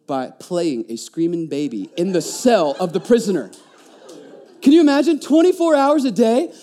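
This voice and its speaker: A man, preaching a conversational sermon, telling stories with lively stammering restarts. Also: sits high. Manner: animated storytelling, stammering restarts. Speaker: pastor.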